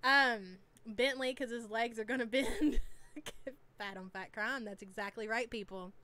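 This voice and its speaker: A woman's voice: fairly high pitch, a little slow, pushed and bright. A woman hosting a casual live-stream reaction, chatty and teasing as she reads chat names aloud.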